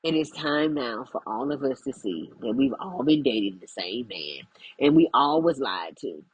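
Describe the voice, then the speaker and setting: A woman's voice: a bass voice, animated, moderate pace, breathy edge, no echo, highs cut off. Emphatic preachy woman coach, dry close sound. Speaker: spiritual life coach. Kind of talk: direct-to-camera monologue.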